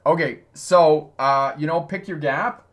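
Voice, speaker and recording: A man's voice: on the high side, a little slow. A male driving instructor answering viewer questions on a live stream, talking in a conversational way and laughing often.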